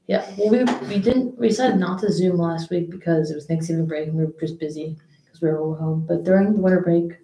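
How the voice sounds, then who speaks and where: Young woman with a low gravelly voice. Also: a little fast. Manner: chatty, rambling with fillers. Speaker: podcast co-host. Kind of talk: casual chat. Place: small room in a school library. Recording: echoey small room, faint background noise.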